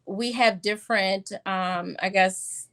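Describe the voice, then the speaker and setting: A middle-aged woman pediatrician speaks in an easy, conversational way on a podcast. Her voice sits at an ordinary middle pitch, and she often slips into quick quoted exchanges with her patients when telling a story. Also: fairly even intonation, fairly bright tone. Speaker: pediatrician guest. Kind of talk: casual podcast interview.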